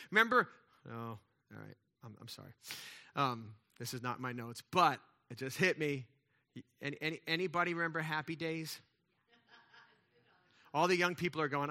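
A middle-aged male pastor preaching a conversational sermon, asking the congregation rhetorical questions and swinging between loud and quiet passages. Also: fairly high pitch, normal speed.

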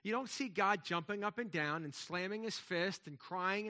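A man's voice: high-pitched, moderate pace, pushed and bright. A man preaching a sermon in a conversational way, with emphatic swells and frequent restarts. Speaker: pastor.

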